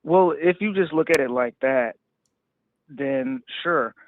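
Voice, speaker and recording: A man's voice: medium pitch, slow, no room sound. A male caller from Arizona, a military veteran, talking hesitantly with stammers and nervous laughs. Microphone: phone call. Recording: tinny dry phone line.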